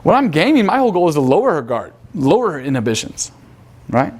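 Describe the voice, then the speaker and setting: A man's voice: a little high, sing-song, quick pace, darkish tone. A man teaching a seminar class in a crude, profane manner. He quizzes his students and acts out pickup lines. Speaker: seminar instructor.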